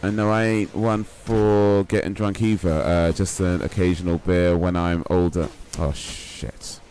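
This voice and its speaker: A man's voice: deep voice, fairly even intonation, a little slow, a little mellow. A young man chatting casually while streaming a game, in a rambling, laid-back, slangy way. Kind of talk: casual live-stream chat while gaming.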